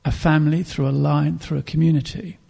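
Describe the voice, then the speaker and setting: A man preaching a sermon in an earnest, reflective way, pausing to clear his throat and restart phrases. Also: fairly high pitch, level tone, mellow.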